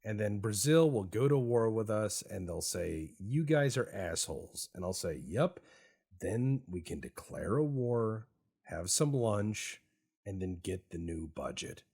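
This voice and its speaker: Husky deep-voiced man, wry game commentary. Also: a little slow, dark tone. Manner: wry, meandering and sarcastic. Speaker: gaming YouTuber. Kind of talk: casual gameplay commentary.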